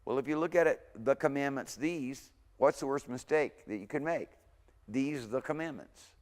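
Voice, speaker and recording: A man's voice: medium pitch, a little mellow, long reverb tail. A man giving an informal language lecture, thinking aloud and often correcting himself. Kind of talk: recorded university lecture.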